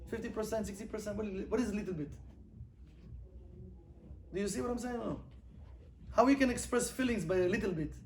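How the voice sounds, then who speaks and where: High-voiced man teaching Kabbalah. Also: slight background noise. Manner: animated, rhetorical questions, reads Hebrew quickly then translates. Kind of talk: informal class lesson.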